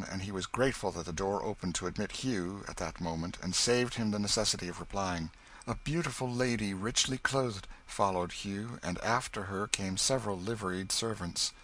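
A man narrating a classic novel as an audiobook in a measured storytelling manner. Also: deep voice, a bit bright, slight background noise. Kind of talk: scripted narration.

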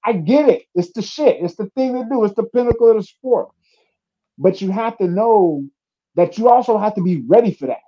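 A man's voice: high voice, normal speed, muffled recording. A young adult man, a fighter, chatting casually in an interview and telling stories with acted-out quotes and plenty of swearing. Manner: animated storytelling, acts out quotes, swears freely. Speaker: UFC fighter.

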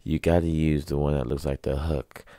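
A man's voice: very deep voice, level tone, normal speed, warm tone, dry recording, studio quality. A man hosting a solo podcast, rambling through crude, joking, self-mocking rants. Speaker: podcast host.

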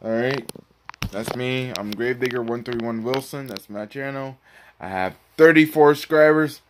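A man's voice: medium pitch, moderate pace, noisy background. A man talking casually to his viewers, rambling and pleading for likes and subscribers. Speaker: YouTuber. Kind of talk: casual vlog talk.

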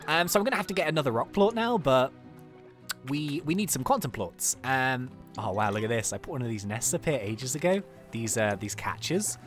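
A let's-play host chatting excitedly through gameplay, laughing often and reacting out loud. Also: mid-range voice, fairly quick, soft background music. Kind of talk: casual gameplay commentary.

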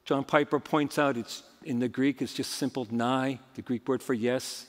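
A man's voice: medium pitch, steady tone, normal speed, hardly any pauses, in a large hall. A male pastor preaching a sermon with emphatic, rising and falling delivery. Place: church sanctuary.

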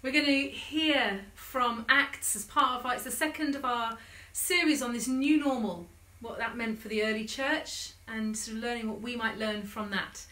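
A woman leading a church service, chatting in a relaxed way before reading scripture aloud. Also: fairly high pitch, moderate pace, few pauses, reverberant.

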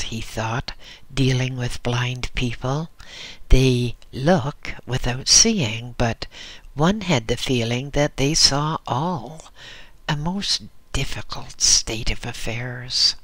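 A man narrating an audiobook in a measured, descriptive storytelling manner. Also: mid-range voice, sharp tone, no echo.

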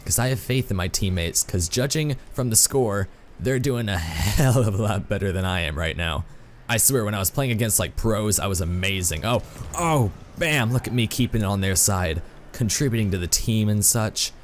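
Brief: male gaming YouTuber, lowish voice, excitable and self-deprecating, with light background hiss. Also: moderate pace. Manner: excitable, self-mocking, full of exclamations. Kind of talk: live gameplay commentary.

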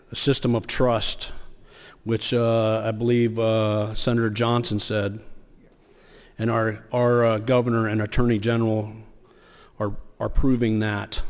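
A man, a state senator, giving a floor speech in a legislative chamber, hesitant with many fillers and restarts. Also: fairly low pitch. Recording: long hall reverb.

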